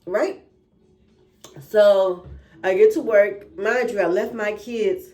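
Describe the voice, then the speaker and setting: A woman's voice: mid-range voice, fairly even intonation, takes it slowly, a little mellow, soft background music. A young woman telling a personal story in a casual, chatty way, often checking in with "right?" and "y'all". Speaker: vlogger.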